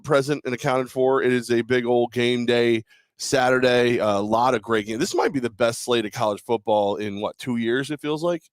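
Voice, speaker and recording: A man's voice: medium pitch, normal speed, clean tone, no echo, clean studio sound. A hungover man co-hosting a casual sports talk show, rambling and joking with frequent laughs. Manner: rambling, jokey, laughs often.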